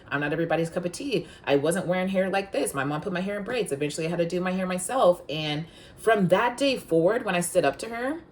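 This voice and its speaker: A podcast host with a lowish voice tells personal stories in casual confessional style, frank and blunt, cursing freely and scattering "like" throughout. She rambles with plenty of filler "like"s and turns heated and emphatic when retelling conflict. There's slight background noise.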